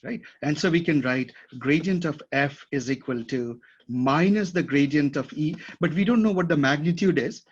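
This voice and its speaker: A man's voice: fairly high pitch, moderate pace, slightly rough. A man teaching a class at a whiteboard, thinking aloud and often checking that his students follow. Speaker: instructor. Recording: dull lo-fi classroom recording.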